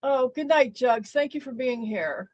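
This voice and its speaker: Stream host, woman, slightly high, slow and blunt, muffled lo-fi audio. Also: darkish tone. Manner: laid-back, unhurried, blunt. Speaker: livestream host. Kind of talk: casual stream commentary.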